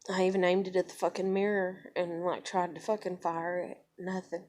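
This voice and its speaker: A woman's voice: on the low side, little pitch movement, normal speed, darkish tone. Profane blunt woman vlogger. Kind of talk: personal storytelling monologue.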